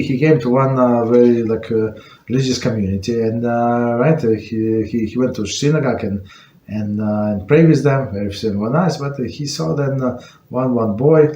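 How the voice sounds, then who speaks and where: Guy teaching a relaxed class, lots of uhs and restarts, echoey room, bit of hiss. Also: medium pitch. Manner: halting, many fillers and restarts. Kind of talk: informal Torah lesson. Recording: echoey room with faint noise.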